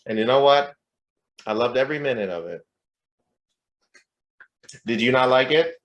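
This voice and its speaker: A man's voice: mid-range voice, lively intonation, moderate pace, muffled recording. A young man co-hosting a podcast in casual chat, joking and profane, rambling from one point to the next. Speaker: podcast co-host.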